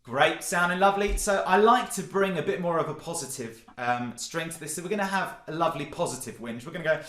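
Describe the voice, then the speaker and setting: A man leading an online singing warm-up, encouraging and cheerful, often breaking into loud demonstration sounds. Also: on the high side, fast talker, echoey room. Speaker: singing workshop leader. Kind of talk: online vocal warm-up session.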